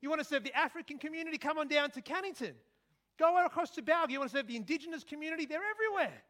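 A middle-aged man preaching a sermon, telling stories and breaking into sudden loud outbursts. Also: very high-pitched, expressive, fast.

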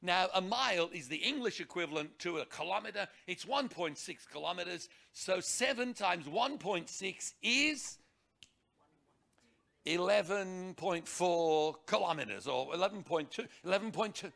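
A male preacher delivering a sermon in a high, lively voice that leaps around. His tone is bright and forceful with a gravelly edge, and he hammers points home with rhetorical questions and repetition. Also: moderate pace.

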